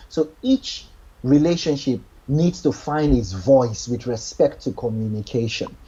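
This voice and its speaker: A man talking through relationship advice in an earnest, meandering way, doubling back over his own words. His voice is husky and mellow, and the recording sounds dull and lo-fi. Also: mid-range voice. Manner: earnest, repeats words, many restarts and "you know". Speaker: guest giving relationship advice. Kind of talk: casual advice chat.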